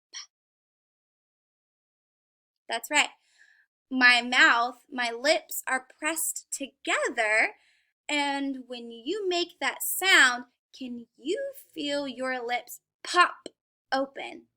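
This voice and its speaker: A woman's voice: sits high, bright, forceful tone. A young woman teaching a phonics lesson to young children at home, patient and encouraging.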